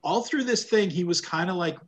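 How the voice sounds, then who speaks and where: A man's voice: high voice, fairly quick. A man from Canada hosting a casual wrestling review podcast, blunt and sarcastic, often laughing at what he describes. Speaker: podcast host.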